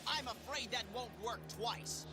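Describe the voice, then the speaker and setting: An actor voicing a boastful young male card duelist obsessed with the sea, in a dubbed cartoon with loud music behind. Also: very high voice, measured pace. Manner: boastful, theatrical.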